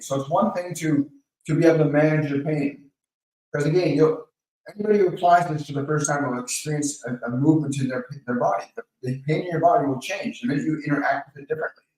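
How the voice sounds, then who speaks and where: A man hosting a live question-and-answer stream, calmly coaching viewers by name and guiding them through slow breathing. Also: on the high side, recorded from a distance. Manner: calm, coaching, speaks directly to viewers by name. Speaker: host of a live Q&A. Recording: very echoey room, voice off-mic.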